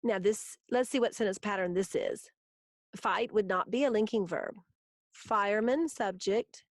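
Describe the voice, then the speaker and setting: Slow, patient woman teaching grammar. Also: mid-range voice, dry recording, studio quality. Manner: slow, patient, spells out each step. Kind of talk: recorded grammar lesson.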